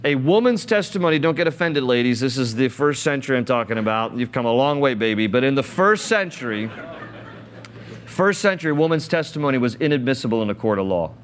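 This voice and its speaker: A man's voice: medium pitch, animated, fast talker, hardly any pauses. A man preaching a sermon, reading scripture aloud and explaining it in an earnest, conversational way. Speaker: pastor.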